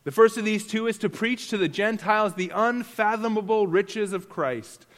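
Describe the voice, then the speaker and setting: A male pastor delivers an earnest sermon, putting rhetorical questions to his listeners and often doubling words as he goes. His voice sits high for a man. It rings out with a long reverberation, as in a large hall. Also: moderate pace, fairly bright tone.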